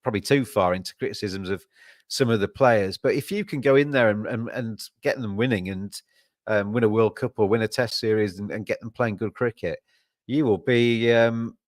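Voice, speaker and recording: A man hosting a podcast, talking in a measured way with frequent ums and restarts. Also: lowish voice, dry recording, clean studio sound. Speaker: podcast host. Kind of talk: casual podcast chat.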